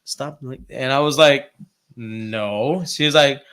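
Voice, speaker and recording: A man co-hosting a casual horror podcast, telling ghost stories in an animated way, swearing freely and acting out quotes. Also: medium pitch, slow, smooth. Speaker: podcast co-host. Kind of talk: casual chat, storytelling.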